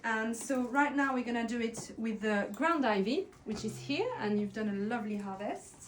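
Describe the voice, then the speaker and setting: A woman leads a hands-on workshop, talking a group through each step in a chatty, encouraging way. Her voice sits a little high, and she is heard from some distance in a roomy space with faint background noise. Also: normal speed. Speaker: herbalism teacher. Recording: roomy sound from a distant mic.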